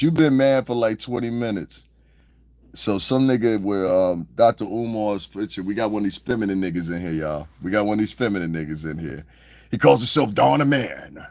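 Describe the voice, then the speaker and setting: A man's voice: lowish voice, dry recording. A man hosting a livestream, ranting at his chat in a profane, confrontational and mocking way, often repeating himself. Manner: repetitive, rambling. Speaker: livestream host. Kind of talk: livestream rant answering chat.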